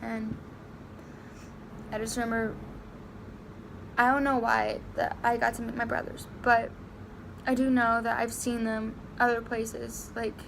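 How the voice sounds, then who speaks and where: Young woman vlogging, kinda choked up and halting, raspy fry, flat delivery. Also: fairly high pitch, noisy background. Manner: halting, emotional, many fillers and restarts. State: close to tears. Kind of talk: casual personal storytelling to camera.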